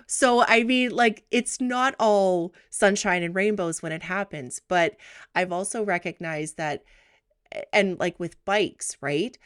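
A woman co-hosting a podcast, telling stories in an animated, chatty way. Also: mid-range voice, measured pace, clear, resonant tone, no room sound, studio quality. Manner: chatty, animated storytelling with laughs. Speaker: podcast co-host. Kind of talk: casual chat.

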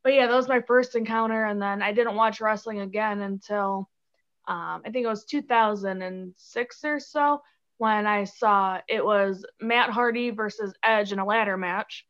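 A woman from the Chicago area, USA, chats casually as a podcast guest, full of fillers and giggles. Her mid-range voice is a bit bright and moves at normal speed, though the audio sounds dull.

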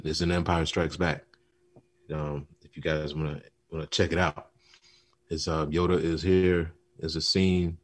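A man co-hosting a casual talk show, telling a story with animated retellings and acted-out lines. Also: deep voice. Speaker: podcast co-host. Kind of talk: casual chat.

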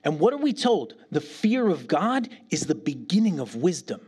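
A middle-aged pastor preaching a sermon, telling stories with animated bursts and falling to a near whisper when he prays. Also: a little high, normal speed, breathy edge. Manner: animated storytelling, dropping to a near whisper in prayer.

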